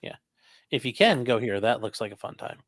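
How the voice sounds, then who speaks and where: Joking streamer host; animated pitch, dry close sound. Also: a little fast, dry recording. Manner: joking, teasing. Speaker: livestream host. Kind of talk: casual chat reacting to a trial stream.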